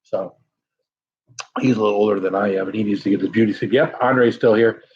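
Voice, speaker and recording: Hosting a laid-back live stream, a middle-aged American man chats with viewers, sighing and puffing out breaths from the chili burn in his mouth. His voice is on the low side, steady, brisk, and darkish. The audio is dull.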